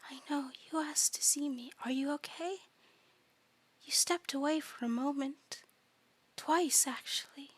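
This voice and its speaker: A woman voicing an eerie many-eyed void creature with a toothy maw, speaking in a soft, coaxing, possessive whisper in a whispered role-play. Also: high voice, measured pace.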